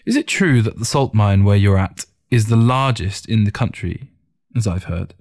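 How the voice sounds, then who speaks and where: A man reading aloud and voicing a tired, curious young man who speaks softly, in an audiobook story. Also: lowish voice, moderate pace. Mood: puzzled.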